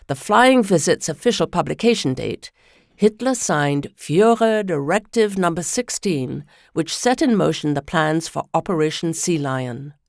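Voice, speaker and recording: A woman reads a scripted podcast story in a measured, unhurried way. Her voice sits on the lower side. The recording is dry and close to the mic. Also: vocal fry, darkish tone, no echo. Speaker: narrator.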